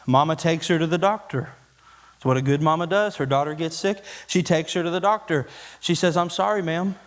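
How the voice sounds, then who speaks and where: A man's voice: fairly high pitch, brisk, big-room sound. A man preaching a sermon as pastor, folksy and conversational, building to emphatic peaks. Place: church sanctuary.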